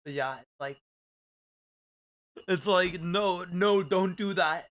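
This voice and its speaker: A man on a livestream in casual chat, playful and halting, trailing off into fillers. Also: sits high, fairly bright tone. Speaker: streamer and voice actor.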